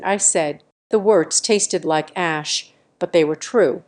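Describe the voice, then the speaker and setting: A woman's voice: lowish voice, takes it slowly, hardly any pauses, darkish tone. Woman narrating an intense revenge story. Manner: intense, clipped dramatic delivery. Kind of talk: first-person story narration.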